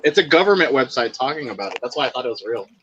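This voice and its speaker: A man's voice: medium pitch, sing-song, very fast, lo-fi sound, background noise. A man chatting casually on a livestream, telling long rambling stories and swearing freely. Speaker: livestream co-host. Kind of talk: casual chat.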